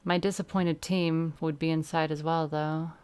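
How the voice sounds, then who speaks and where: Female streamer narrating a first-person story; low, smooth, with casual asides. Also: little pitch movement, normal speed, a little mellow. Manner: breaks off to laugh and comment. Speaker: streamer reading a story aloud.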